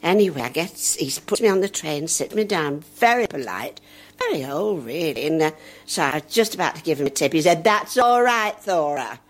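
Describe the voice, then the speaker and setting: A woman's voice: sits low, expressive, a little fast, slight background noise. An older woman from northern England, a veteran actress telling chatty, self-mocking comic stories. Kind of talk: comic anecdote.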